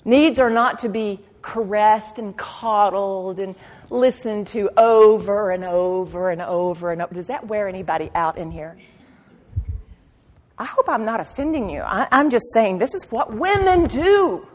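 A woman preaching a sermon at a women's meeting, impassioned, swinging from quiet asides to loud cries and repeating phrases for emphasis. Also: mid-range voice, unhurried. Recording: long hall reverb.

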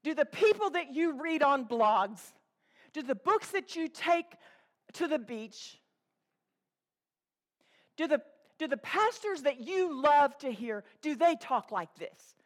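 A woman's voice: high voice, animated, takes it slowly, long pauses. A woman preacher delivering a sermon to a congregation, speaking with passion and repeating phrases for emphasis, and reading scripture aloud.

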